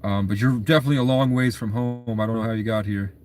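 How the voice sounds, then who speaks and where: A man voicing a serious, calm bearded man around thirty, speaking low-key and firm. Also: quick pace, natural voice.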